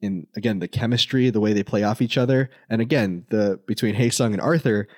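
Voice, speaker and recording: A young man co-hosts a film podcast, working through his thoughts with lots of pauses and restarts. His voice sits a little low and comes across dry and close to the mic. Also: no room sound. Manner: thoughtful, many fillers and restarts. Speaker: podcast co-host. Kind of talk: casual film discussion.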